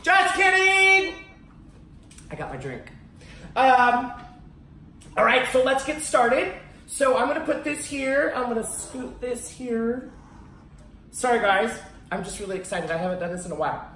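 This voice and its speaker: A woman reviewing snacks in a casual, excitable unboxing vlog, chatting at home. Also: a little high, normal speed, recorded from a distance, a little hiss or hum. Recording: echoey home room.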